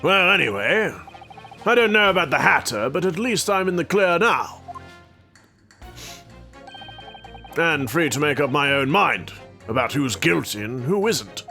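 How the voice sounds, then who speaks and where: A man's voice: on the high side, big pitch swings, moderate pace, gravelly, bright, forceful tone, soft background music, full character voice. A man voicing an indignant, self-important middle-aged male banker juror in a video game playthrough. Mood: smug.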